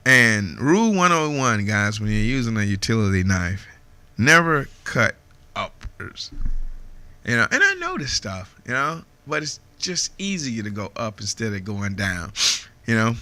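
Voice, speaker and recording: A man in his fifties talks loosely to his radio listeners, laughing as he goes and leaning on fillers. His voice sits low yet sounds bright and forceful. The studio sound is dry and close. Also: sing-song, unhurried, no room sound. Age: 50s. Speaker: radio host. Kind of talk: casual radio monologue.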